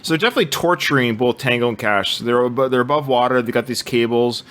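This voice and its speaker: A man hosting a casual film podcast, enthusiastic and quick to laugh. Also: mid-range voice, fairly bright tone. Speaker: podcast host running the film audio.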